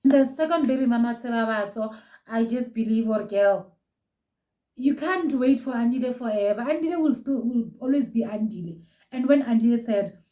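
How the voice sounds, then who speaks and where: A woman's voice: a little high, moderate pace, distant mic, highs cut off. A young South African woman chatting in a gushing, casual way, reviewing a reality show from home. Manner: gushing, chatty, code-switching. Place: room at home. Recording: roomy echo, set back from mic.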